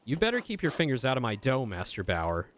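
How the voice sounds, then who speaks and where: A man's voice: medium pitch, wildly swooping pitch, fairly quick, a bit bright, a little hiss or hum. A man reading the part of a stern older woman baker in a game, scolding and giving orders. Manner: scolding, commanding.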